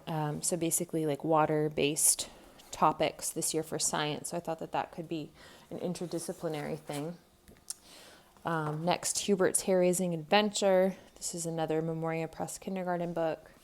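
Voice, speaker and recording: A woman in her thirties talks through a casual unboxing at home, thinking aloud and filling pauses with ums. Her voice sits a little low and has a gravelly, fry-laden edge. A faint hiss of noise lies under the tripod camera recording. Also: flat delivery, darkish tone. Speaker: homeschool vlogger. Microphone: camera mic on a tripod.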